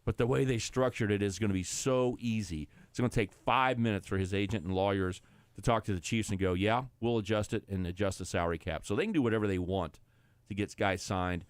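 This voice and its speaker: Low-voiced male football analyst. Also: a little fast, smooth, dry recording. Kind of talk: sports radio commentary.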